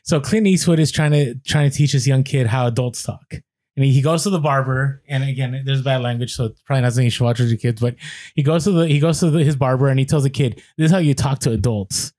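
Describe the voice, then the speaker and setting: A man co-hosting a podcast, telling an animated story with quoted voices and many restarts. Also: mid-range voice, fast talker, dry recording. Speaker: podcast co-host.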